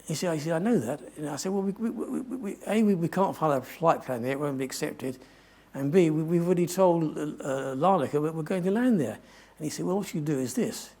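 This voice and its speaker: A man's voice: fairly high pitch, fairly quick, hardly any pauses, dark tone. An older man giving a talk to an audience, telling a long adventure story in a rambling way and often correcting himself. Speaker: guest speaker.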